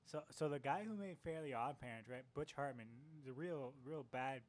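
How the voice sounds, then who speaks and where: A young man talks casually with friends on a podcast, drifting into a tangent and leaning on likes and restarts. His pitch is ordinary, in the middle range for a man. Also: normal speed. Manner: loose, chatty storytelling full of likes. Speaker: podcast co-host. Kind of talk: casual comedic chat.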